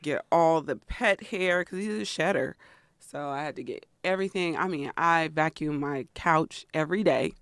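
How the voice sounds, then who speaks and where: Woman, podcast co-host, bright voice, animated, dry recording. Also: deep voice, moderate pace, smooth, no echo. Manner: animated, laughs often. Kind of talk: casual chat.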